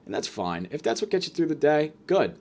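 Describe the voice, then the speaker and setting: A young man telling a comedic story as a podcast host, animated, sarcastic and profane, with quick asides. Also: on the high side, vocal fry.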